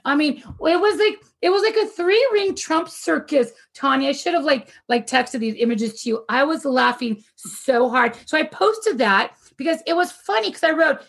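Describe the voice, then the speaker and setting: High-voiced laughing woman telling a story. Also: animated, normal speed, vocal fry, hardly any pauses. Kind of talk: casual chat over video call. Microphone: video call.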